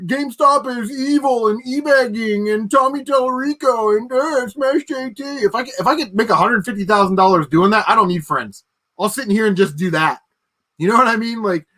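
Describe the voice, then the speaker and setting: A man's voice: high-pitched, pushed and bright. A man hosting a casual livestream, chatting with viewers and ranting with plenty of swearing and laughter. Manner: ranting, profane, laughs at his own jokes. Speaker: livestream host.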